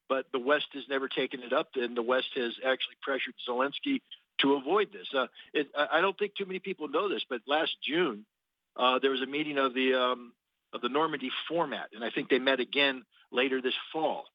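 A man's voice: medium pitch, a little fast, no echo, highs cut off. A man giving blunt, sardonic commentary as a guest analyst on a radio interview. He often repeats words as he searches for the next phrase.

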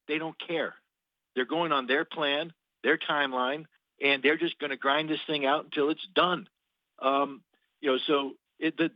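A man's voice: fairly high pitch, dry recording. Blunt male radio guest, sardonic, stumbling repeats, dry close mic, muffled lo-fi sound. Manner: blunt and sardonic, repeats words while finding them. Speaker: guest analyst. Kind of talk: radio interview commentary.

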